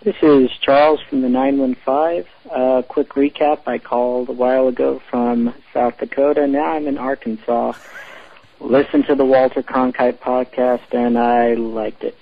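A man's voice: medium pitch, steady tone, measured pace. A man leaving a matter-of-fact voicemail for a podcast as a caller. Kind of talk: voicemail message. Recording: dull lo-fi phone voicemail.

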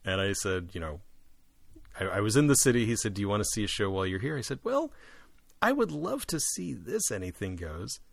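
A man co-hosting a podcast, chatting casually and with animation about musicals, with quick jumps up in pitch for asides. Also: sing-song, gravelly, dry recording. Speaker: podcast co-host.

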